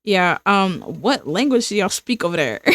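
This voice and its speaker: A woman's voice: medium pitch, very animated, moderate pace, no echo, clean studio sound. A young American woman chatting casually with her stream while drawing, rambling and repeating herself with self-mocking asides. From United States.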